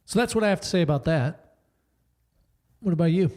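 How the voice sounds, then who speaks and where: A man co-hosting a relaxed podcast talks in a somewhat high voice. He rambles, jokes and corrects himself mid-sentence as he works through his thoughts. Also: brisk. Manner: rambling, self-correcting, jokey. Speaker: podcast co-host. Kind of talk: casual podcast chat.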